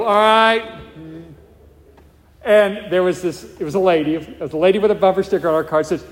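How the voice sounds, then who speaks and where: A man's voice: high-pitched, fairly even intonation, fairly quick, slight background noise. A male pastor preaching a sermon, emphatic and repetitive, often checking in with the congregation. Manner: emphatic, repeats points, checks in with "all right?". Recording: long reverb of a large hall.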